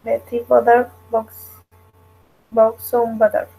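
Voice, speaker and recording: A woman reads haltingly, her voice fairly high but flat. She speaks slowly, with many hesitant filler sounds between words. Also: creaky, slightly rough, faint music behind, rough recording. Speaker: student.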